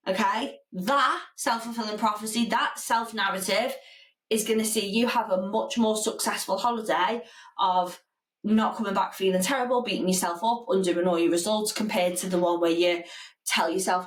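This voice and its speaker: A woman's voice: medium pitch, normal speed, recorded from a distance. Breathless woman hosting her podcast, chatty and frank, in an echoey room a bit off the mic. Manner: chatty and candid, swears freely. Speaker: podcast host. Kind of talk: casual solo podcast talk. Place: home room with a standing desk.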